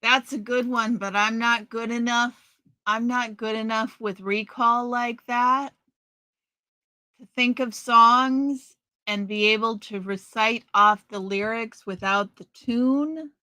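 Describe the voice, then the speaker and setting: Middle-aged woman host, unhurried and rambling, bright tense tone, dry close sound. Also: fairly high pitch, steady tone, dry recording. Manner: chatty, slow, rambling with restarts. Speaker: live stream host. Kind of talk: casual live stream chat, reading out viewer comments.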